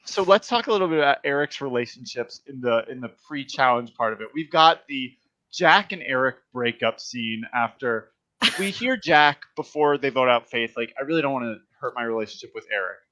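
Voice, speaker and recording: A man's voice: medium pitch, expressive, moderate pace, pushed and bright. A man hosting a live discussion show, playful and swearing casually as he talks. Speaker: host. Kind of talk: casual podcast chat. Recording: dull lo-fi audio.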